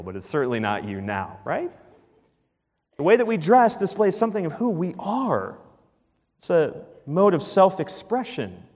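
Emphatic male preacher in a reverberant hall. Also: fairly high pitch. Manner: emphatic, repeats key phrases, drops to a hush at line ends. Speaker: pastor. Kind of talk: sermon.

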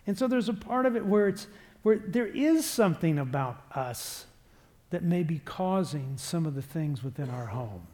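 A man's voice: high voice, unhurried, a little mellow. A middle-aged man giving a parenting seminar talk to a live audience, conversational and self-deprecating, acting out quotes. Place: church or seminar hall with audience.

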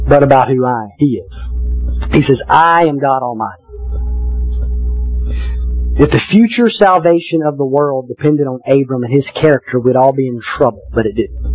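A man's voice: high-pitched, low-quality recording. A man, a pastor, preaching a conversational sermon, reading scripture aloud with frequent asides and repeated words.

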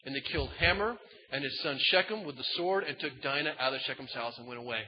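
Animated man preaching in a big hall. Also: medium pitch, fast talker. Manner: animated, swings between loud emphatic bursts and quiet asides; casual, folksy phrasing. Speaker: pastor. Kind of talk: sermon. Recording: dull sound in a large reverberant hall.

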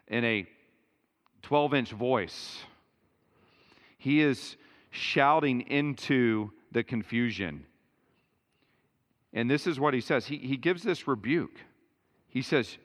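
A man preaching a sermon as pastor, emphatic and building to near-shouts as he drives his points home. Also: medium pitch, lively intonation, unhurried, pauses often, big-room sound.

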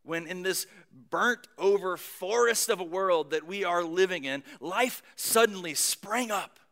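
A man preaching a sermon, moving between booming emphasis and hushed near-whispers, with casual conversational asides. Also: unhurried. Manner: conversational asides with light humor. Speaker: pastor.

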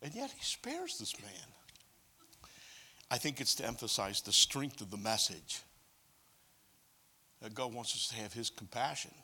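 Lively male preacher with a bright, forceful voice, animated sermon with joking asides. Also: medium pitch, unhurried, pauses often, slightly rough.

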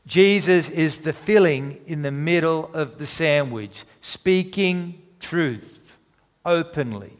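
Male preacher, dramatic emphatic delivery, slightly high voice, big reverberant hall. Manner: dramatic retelling with emphatic pauses. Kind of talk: sermon.

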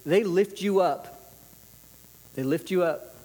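A man's voice: high-pitched, slow, mellow, long reverb tail, low-quality recording. A man preaching a conversational sermon, often repeating phrases for emphasis. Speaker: pastor.

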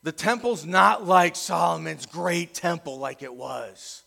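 Animated, conversational man preaching a sermon. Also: a little high, measured pace, creaky, in a large hall. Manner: conversational, animated, acts out quoted voices. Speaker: pastor.

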